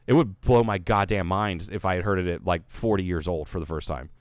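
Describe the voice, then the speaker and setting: A man's voice: deep voice, fairly quick, no room sound, studio quality. A man co-hosting a podcast, telling rambling, profane stories in casual chat. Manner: rambling, profane storytelling with animated quotes. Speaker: podcast co-host.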